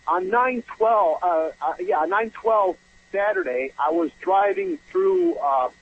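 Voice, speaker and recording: A man calling in to a radio show, telling a long story in a rambling, halting way and acting out the people in it. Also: high-pitched, slightly rough. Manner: rambling, halting, acts out voices in his story. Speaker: caller. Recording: muffled phone line on radio.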